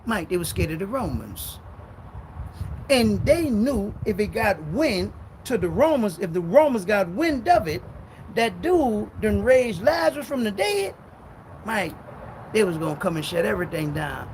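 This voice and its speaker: Male preacher, high-pitched, fiery and confrontational, reads scripture slow and hard. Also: big pitch swings, vocal fry, a little hiss or hum. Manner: fiery, rhetorical, jabbing questions at listeners; reads scripture slowly and forcefully. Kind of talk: live-streamed street-style sermon.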